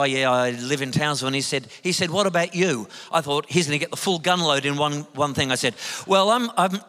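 An Australian man, a Christian speaker, telling lively anecdotes in a sermon and acting out the dialogue. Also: fairly high pitch. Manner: animated anecdotes, acts out dialogue. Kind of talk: sermon storytelling. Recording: long hall reverb.

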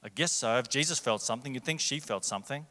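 A man's voice: mid-range voice, quick pace, bright, forceful tone. Man preaching in a reverberant hall. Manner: conversational storytelling, acts out quoted voices. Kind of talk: sermon. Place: church hall.

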